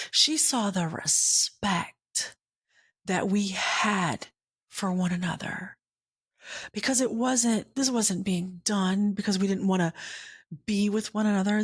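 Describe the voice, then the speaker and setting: A woman podcast host telling a personal faith story in an earnest way, often dropping into a hushed whisper. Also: mid-range voice, husky, no room sound, clean studio sound. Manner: earnest, slow, drops into whispers.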